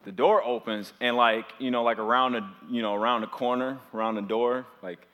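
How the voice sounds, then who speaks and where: A man's voice: mid-range voice, steady tone, a little fast, dull audio. A man in his twenties, a pastor telling a personal story to his congregation in a chatty, loose way with lots of filler words. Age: 20s. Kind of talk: storytelling sermon to a live audience. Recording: long hall reverb.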